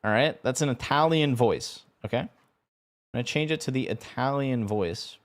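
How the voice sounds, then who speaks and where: A man's voice: medium pitch, normal speed. A young man talking casually on a live stream, rambling and stumbling over his words. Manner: rambling, stumbling, laughing often.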